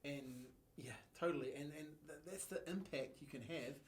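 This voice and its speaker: A man's voice: a little high, normal speed, a little hiss or hum. A man hosting a business podcast, eagerly affirming his guest and summing up points in a conversational way. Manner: eager, affirming, frequent "yeah". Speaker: podcast host. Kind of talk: conversational interview.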